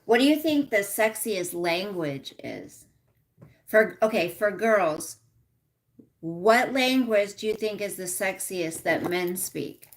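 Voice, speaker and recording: A middle-aged woman hosts a relaxed live chat, answering her viewers one by one. She speaks at an unhurried pace, reading out their comments as they arrive. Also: medium pitch. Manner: chatty, reads out viewer comments. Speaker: livestream host.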